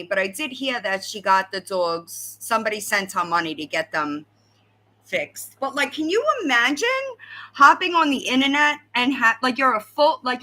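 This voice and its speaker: A woman hosts a casual livestream, talking to her chat in an animated way and tossing in "right?" all the time. Her voice is bright, with a high, lively pitch that jumps around. She takes her time and lets her words stretch out. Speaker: livestream host.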